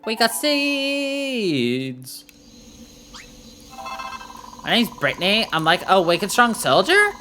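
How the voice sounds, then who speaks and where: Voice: mid-range voice, very animated, takes it slowly, long pauses, over music. A gaming streamer making playful, jokey casual commentary while playing.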